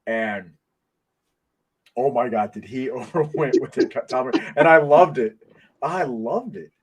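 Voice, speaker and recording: A man hosting a casual podcast, talking in an excitable, rambling way full of restarts, into a desk mic. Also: mid-range voice, measured pace, slightly rough. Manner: excitable, rambling fan talk with many restarts. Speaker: podcast host. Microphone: desk microphone.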